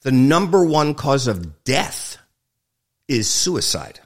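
A man's voice: mid-range voice, very animated, slow pace. A man, a film director, talking frankly and emphatically as a guest in an interview, swearing freely and joking. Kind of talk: candid interview conversation.

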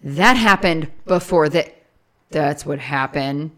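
A woman's voice: low-pitched, takes it slowly. A woman co-hosting a casual chat, laughing often and trailing off while she recalls a story.

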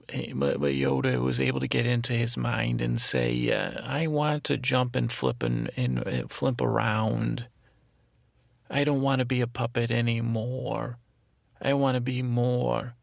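Guy doing a rambling overprotective old granny, super gravelly, dry close mic. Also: medium pitch, no room sound. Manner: meandering, trails off, frequent restarts and "I don't know". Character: rambling overprotective old grandmother, cranky and suspicious. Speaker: podcast host. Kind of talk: comic improvised monologue.

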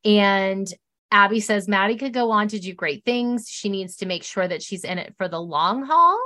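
Woman, bright and forceful voice, casual chat, animated storyteller. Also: normal speed. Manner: animated storytelling, mimics others in high voices. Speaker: podcast co-host recapping a reality show.

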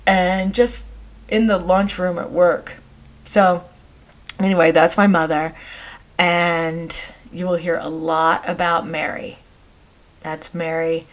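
A middle-aged woman hosting a podcast, telling family stories in a chatty, meandering way with frequent pauses and restarts. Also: mid-range voice. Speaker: podcast host. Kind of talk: casual storytelling monologue.

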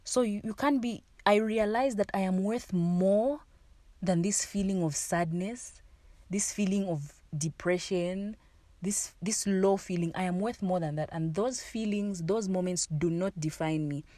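A woman's voice: mid-range voice, a little slow, warm tone, no echo. A young woman hosting a podcast, talking in a casual, earnest, encouraging way and repeating phrases for emphasis. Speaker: podcast host. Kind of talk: casual motivational monologue.

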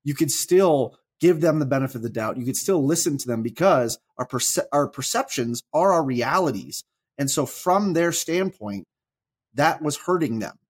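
A man's voice: a little high, expressive, moderate pace, breathy edge. A man in his thirties, a father, chatting on a faith podcast who tells stories with animation and often restarts his sentences. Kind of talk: casual faith podcast chat.

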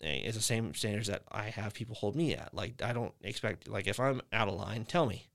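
A man's voice: fairly low pitch, brisk, gravelly, a bit bright. A young man hosting a podcast, talking about his faith in a rambling way, full of fillers and restarts. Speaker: podcast host. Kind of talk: casual faith chat.

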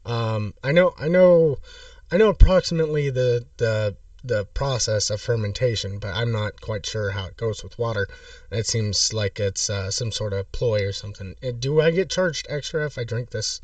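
A man voicing an evasive, oddly formal hotel guest who calls himself a professional, prank-calling the front desk in a slow, halting voice. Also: medium pitch, no room sound, far from the mic, lightly acted. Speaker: prank caller.

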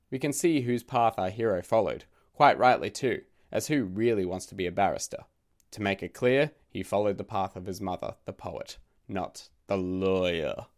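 A man hosts a literature podcast, reading a scripted essay punctuated by wry, jokey asides. A recent illness has left his voice croaky; it sits fairly low and sounds a little mellow.

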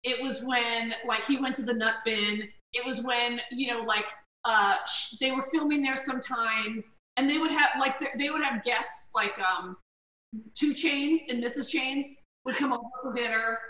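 A middle-aged woman comedian spins stories in a casual chat. Her voice is high and sharp, and she throws herself into other people's voices. She sits back from the mic in a roomy kitchen with faint noise behind her. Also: moderate pace, far from the mic. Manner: animated storyteller who acts out quoted voices. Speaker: guest comedian. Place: home kitchen.

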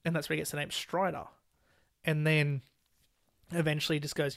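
A podcast co-host in a casual film chat, talking fast with lots of "like" fillers and acting out quoted lines from scenes. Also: mid-range voice, gravelly, dry recording, clean studio sound. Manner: animated, full of "like" fillers, laughs while retelling scenes.

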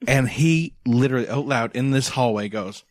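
A man's voice: mid-range voice, normal speed, a little mellow, no echo, studio quality. Crude young man telling a story. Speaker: podcast host. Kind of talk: casual chat.

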